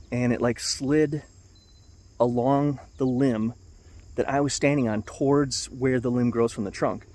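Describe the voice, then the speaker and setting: A man's voice: mid-range voice, darkish tone. Middle-aged man telling a rambling story. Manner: rambling, self-correcting, chuckles through his story. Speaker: vlogger. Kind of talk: casual storytelling to camera.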